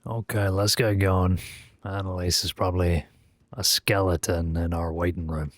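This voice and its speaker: A man's voice: deep voice, fairly even intonation, moderate pace, dry recording. A man making friendly, easygoing small talk in character during an online roleplay.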